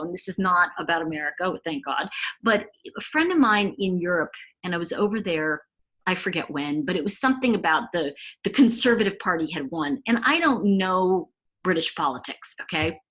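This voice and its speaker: A woman's voice: mid-range voice, a bit bright, breathy edge, rough recording. A woman talking through a case in a rambling, self-interrupting casual monologue as a commentator. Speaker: true crime commentator.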